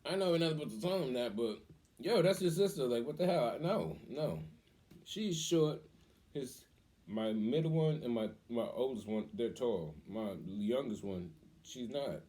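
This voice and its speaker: Middle-aged man, dark mellow tone, casual animated storytelling, acts out quotes. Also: medium pitch, a little slow. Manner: animated, acts out quoted voices, laughs often. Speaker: vlogger, father.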